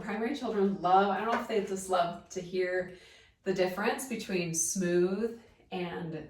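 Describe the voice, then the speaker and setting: A woman giving a casual, upbeat how-to lesson on children's singing activities, chatty and prone to friendly asides. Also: mid-range voice. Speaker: primary singing time teacher. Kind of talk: casual instructional talk. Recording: roomy, from a distance.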